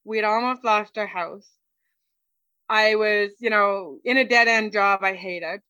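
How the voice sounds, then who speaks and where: A woman's voice: mid-range voice, pushed and bright, no echo, low-quality recording. A woman guest in an interview, chatting casually through a personal story and acting out what people said to her. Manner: chatty, acts out quoted dialogue, many "like"s.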